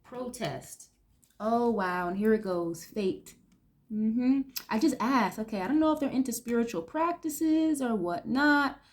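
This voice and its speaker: Young woman hosting a tarot reading, a bit high-pitched, blunt and profane, reacts aloud to each card. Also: lively intonation, a little slow. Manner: blunt, swears freely, reacts aloud to the cards. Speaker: tarot reader. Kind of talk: casual card-reading commentary.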